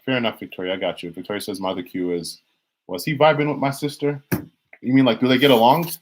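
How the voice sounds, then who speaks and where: A man's voice: mid-range voice, fast, a little hiss or hum, rough recording. A man giving a live-streamed tarot reading in a casual, rambling way, restarting and repeating phrases as he talks. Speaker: tarot reader.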